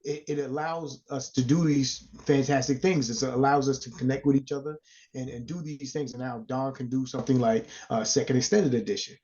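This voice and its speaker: A man co-hosts a podcast in a mellow, mid-pitched voice, stopping and restarting phrases as he works up to a question. His audio is dull and lo-fi, as if from a weaker mic. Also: steady tone. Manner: halting, restarts phrases while building up a question. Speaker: podcast co-host. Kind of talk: casual podcast chat.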